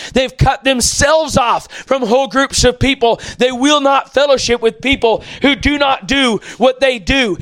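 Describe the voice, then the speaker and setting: A man delivers a fiery sermon, his voice pitched strikingly high. He often rises into shouts. The sound is dry and close, with no room echo. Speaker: preacher.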